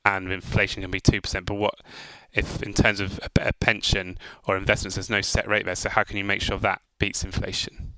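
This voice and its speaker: A man's voice: low-pitched, completely flat delivery, brisk, few pauses, bright, forceful tone, no echo, rough recording. A man co-hosting a casual chat, asking questions in a playful way. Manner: playful, asks questions, game-show banter. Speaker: co-host. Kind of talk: casual chat with a quiz segment.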